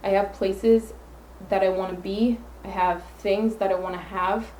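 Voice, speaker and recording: A woman's voice: medium pitch, steady tone, unhurried, a little mellow. Brief: woman solo podcast host, sincere and rambling, phone mic in an echoey room with faint hum. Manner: earnest, rambling with self-affirmations.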